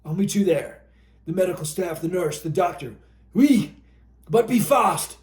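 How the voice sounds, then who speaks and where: A man voicing a hurried lieutenant, speaking in clipped phrases. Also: sits high, lively intonation, darkish tone, echoey room.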